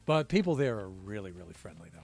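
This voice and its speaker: A man's voice: sits low, big pitch swings, quick pace, darkish tone, faint music behind. An American man casually chatting with his stream viewers, rambling with lots of fillers and restarts. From United States.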